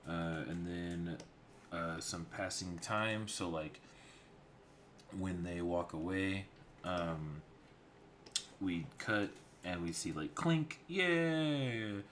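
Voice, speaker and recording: A man's voice: sits low, steady tone, takes it slowly, pauses often, fairly bright tone, a little hiss or hum. A man casually talking through story beats of a storyboard on a livestream, rambling with many fillers. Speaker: storyboard artist.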